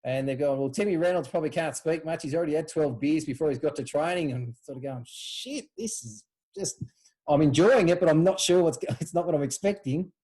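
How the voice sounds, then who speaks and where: A man's voice: a little high, fast talker, hardly any pauses. An Australian man telling old club stories in casual chat, acting out what people said in a raised voice. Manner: animated storyteller, acts out quotes in a raised voice. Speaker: podcast guest, former club footballer.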